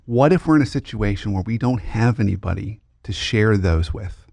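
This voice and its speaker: A man's voice: on the low side, lively intonation, moderate pace, creaky, darkish tone, no echo. A man hosting a podcast, asking questions in a playful, conversational way. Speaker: podcast host. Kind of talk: podcast interview.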